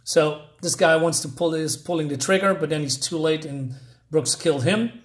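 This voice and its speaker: A man's voice: a little high, normal speed. A man giving a casual comic book review, reading panels aloud, rambling with many fillers and restarts, enthusiastic about the artwork.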